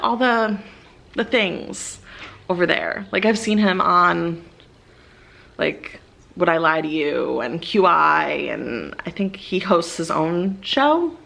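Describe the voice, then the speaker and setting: A woman's voice: lowish voice, vocal fry, sharp tone. A young woman casually rambling about her favorite books as a book vlogger, with many fillers and eager bursts.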